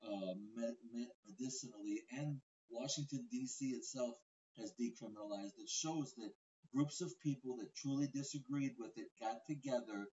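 A man co-hosting a casual podcast, earnest and opinionated, giving his views in a measured way. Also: medium pitch, warm tone. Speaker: podcast co-host. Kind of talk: casual conversation. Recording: lo-fi audio from a distance off mic.

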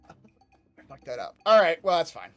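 A man's voice: on the high side, very animated, normal speed, soft background music. A man playing in a tabletop game, hesitant and thinking aloud as he picks his moves. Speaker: player.

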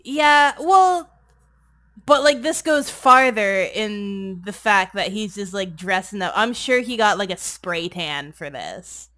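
A podcast co-host recaps a movie on a comedy show in a bright, mid-range voice at a slow pace. Casual and rambling, she's sarcastic and crude, swears often, and says "like" constantly.

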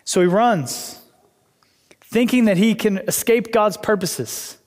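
A man's voice: high voice, takes it slowly. A young adult male pastor preaching a casual, conversational sermon, acting out inner dialogues with God, in a church hall.

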